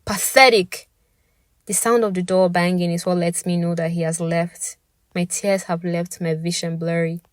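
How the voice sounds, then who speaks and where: Young female storyteller, low pitch, dry close sound, dramatic and intimate. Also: flat delivery, moderate pace, a little mellow, no echo. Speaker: podcast narrator. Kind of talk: first-person scripted story narration.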